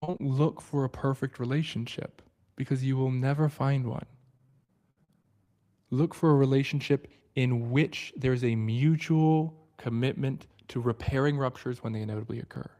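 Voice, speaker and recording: A man hosting a book study livestream, with a mellow, warm tone. He talks earnestly and reflectively and often sinks into a hushed, quiet delivery. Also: fairly even intonation, moderate pace. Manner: earnest and reflective, often drops to a soft low voice.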